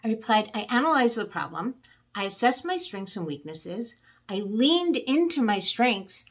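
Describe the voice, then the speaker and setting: A middle-aged woman tells a personal story to camera as a motivational speaker. Her delivery is lively, and she stretches some words out slowly and rushes through others. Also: on the high side, husky. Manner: lively storytelling, pace swinging between drawn-out and quick. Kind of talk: personal anecdote told to camera.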